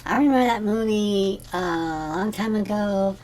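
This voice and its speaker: A man's voice: high-pitched, normal speed, music in the background, lightly acted. Janis Simpleton, a ditzy rambling lady, as a man plays her. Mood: airy rambling. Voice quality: rambling, scatterbrained, giggly. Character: ditzy, self-absorbed middle-aged woman teacher. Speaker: comedy character host. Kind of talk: scripted character comedy monologue.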